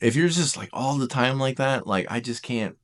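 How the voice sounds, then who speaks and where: Animated, lively man teaching personality types. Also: medium pitch, moderate pace. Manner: animated, self-deprecating, acts out quotes. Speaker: Enneagram teacher. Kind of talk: casual teaching talk.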